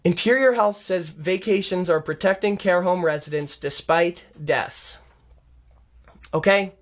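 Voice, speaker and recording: A man's voice: sits high, normal speed. A young adult man hosting a live-stream show, ranting in a heated, sarcastic, mocking way. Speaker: show host.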